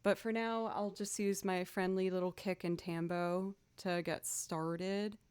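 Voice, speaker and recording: A woman's voice: fairly low pitch, level tone, a little slow, darkish tone, clean tone. A woman livestreaming as a musician, chatting casually, thanking viewers and humming beats aloud. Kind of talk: casual live stream chat.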